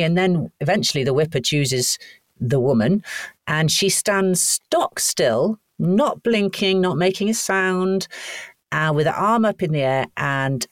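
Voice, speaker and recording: A woman's voice: fairly low pitch, normal speed, no room sound. Chatty woman from Wales, dry close sound. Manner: chatty, animated, laughs often. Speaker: podcast guest. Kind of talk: casual anecdotal storytelling.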